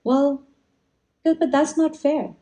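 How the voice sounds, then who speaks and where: A woman's voice: mid-range voice, normal speed, warm tone, lightly acted, low-quality recording. A woman voicing an eager, thoughtful eight-year-old boy who sells bubbles on the street, speaking earnestly.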